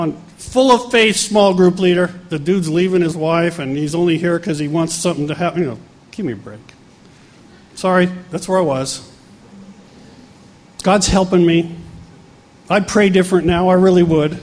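Man, pastor, high voice, sermon storytelling, animated, quotes voices.

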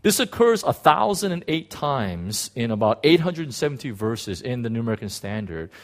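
A man preaching a sermon in an animated way, acting out biblical figures, with frequent restarts. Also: mid-range voice, normal speed. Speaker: pastor.

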